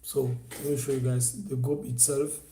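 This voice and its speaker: A man's voice: medium pitch, little pitch movement, normal speed, dark tone, a little hiss or hum. A man hosting a casual live stream, coaching viewers on online selling in a repetitive, persuasive way. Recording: echoey room.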